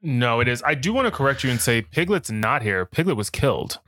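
A man's voice: medium pitch, big pitch swings, fairly quick, pushed and bright, no echo, clean studio sound. A man co-hosting a podcast, chatting casually about a movie and joking as he riffs on tangents. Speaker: podcast co-host. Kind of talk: casual movie review chat.

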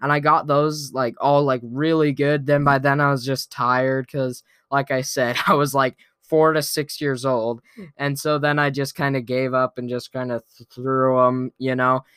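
Male vlogger, slow drawn-out delivery, bright clear voice, playful storytelling, frequent chuckles. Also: medium pitch, level tone, no room sound, studio quality. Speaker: vlogger telling a weekly story. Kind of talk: casual storytelling to camera.

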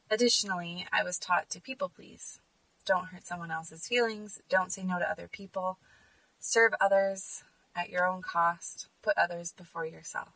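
A woman's voice: on the low side, pushed and bright, no echo, far from the mic, poor audio. A woman hosting a podcast, speaking in an earnest, emphatic personal monologue. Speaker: podcast host.

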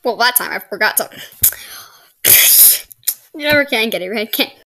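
A woman's voice: on the high side, lively intonation, normal speed, gravelly, sharp tone. A woman hosting a casual podcast, stumbling over words and laughing at her own slips. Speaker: podcast host. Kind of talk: casual podcast talk with bloopers.

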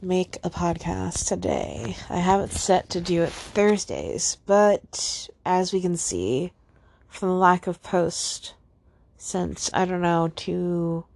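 A young woman hosting a solo podcast, tearful and venting, sighing often and trailing off in halting, repeated phrases. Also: fairly low pitch, gravelly, a little mellow, no echo. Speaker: podcast host.

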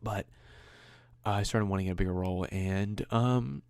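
A man's voice: fairly low pitch, unhurried, gravelly, a little mellow, clear, resonant tone, no echo, clean studio sound. A man hosting his own podcast, rambling casually and conversationally, with a self-deprecating streak. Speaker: podcast host. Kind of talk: casual solo podcast chat.

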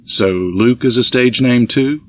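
A man's voice: medium pitch, a little slow, a little hiss or hum, pitched above the performer's own voice, close to an everyday voice. A man reading a polite, curious young traveling man in an audiobook.

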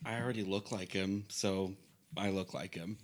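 A man's voice: low-pitched, steady tone, normal speed. A man in casual chat, asking questions with dry, hesitant reactions.

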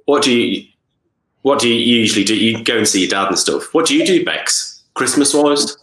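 A man's voice: medium pitch, expressive, fairly quick, a bit bright. A man co-hosting a podcast in casual chat, rambling along and ending thoughts with "isn't it?" tags. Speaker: podcast co-host, company co-founder. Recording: roomy echo.

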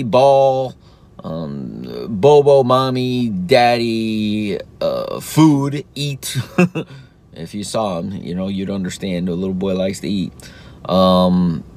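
A man in his thirties talks casually about raising his son, earnest and encouraging. His voice sits a little low. A faint low rumble stays under the recording. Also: darkish tone. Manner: earnest and encouraging, acts out sing-song praise to his toddler. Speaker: podcast host, father. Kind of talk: casual reflective talk.

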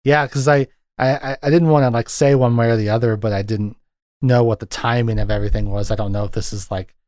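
A man's voice: mid-range voice, steady tone, fast talker, darkish tone, no echo, studio quality. A man co-hosting a casual film discussion, rambling and retelling scenes with lots of fillers. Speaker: podcast co-host. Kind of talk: casual chat.

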